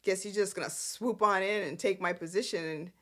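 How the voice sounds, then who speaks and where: A woman's voice: medium pitch, a little fast, pushed and bright, close to an everyday voice. A woman voicing an angry man who accuses his sister of swooping in to take his position. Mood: accusing.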